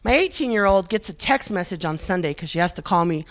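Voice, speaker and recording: A woman's voice: fairly low pitch, lively intonation, fast. A middle-aged woman performing a stand-up comedy set on a theater stage, telling stories with brassy, self-mocking asides and punchy lines. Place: historic theater stage with live audience.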